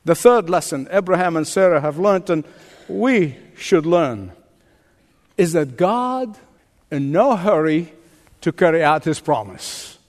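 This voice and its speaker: A man's voice: a little high, very animated, measured pace. An older man preaching a sermon as pastor, emphatic and drawing responses from the congregation. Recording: long reverb of a large hall.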